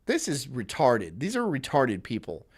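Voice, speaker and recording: A man's voice: medium pitch, wildly swooping pitch, a little slow, breathy edge. A man commenting on video clips during a live stream in a crude, mocking, rambling way.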